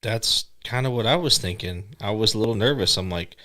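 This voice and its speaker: A man's voice: brisk, bright, forceful tone. A man co-hosting a podcast, answering mildly and laughing in casual chat. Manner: mild, laughing, low-key replies. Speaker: podcast co-host.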